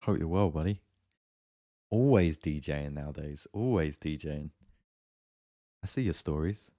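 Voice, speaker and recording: A man hosting a relaxed livestream, chatting casually and greeting viewers by name from his home studio. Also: a bass voice, normal speed. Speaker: music producer hosting a livestream. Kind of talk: casual live-stream chat.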